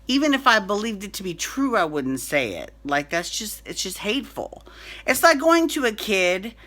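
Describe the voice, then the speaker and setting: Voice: medium pitch, bright, forceful tone. A soap opera recap host giving a chatty, opinionated rundown, with frequent restarts and fillers. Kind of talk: casual chat.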